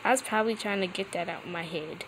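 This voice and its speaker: A woman's voice: fairly low pitch, fast, slight background noise. Exasperated woman reacting to a clip. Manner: exasperated, emphatic, talks back to the clip. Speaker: reaction video host. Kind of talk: casual reaction commentary.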